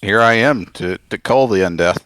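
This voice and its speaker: A man speaking in character as a player in a tabletop game, in a slow, deliberate way. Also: fairly low pitch, a bit bright, smooth, no echo.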